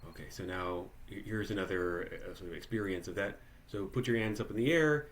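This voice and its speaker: A man's voice: low voice, brisk, hardly any pauses. A man leading a live workshop for musicians, talking conversationally with many restarts and questions to participants. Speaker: workshop leader. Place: online live workshop, video call.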